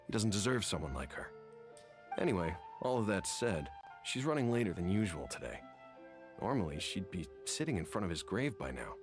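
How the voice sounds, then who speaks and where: A man voicing a wistful townsman in a video game, speaking gently and with regret. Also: sits low, very animated, brisk, over music. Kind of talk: game voice acting.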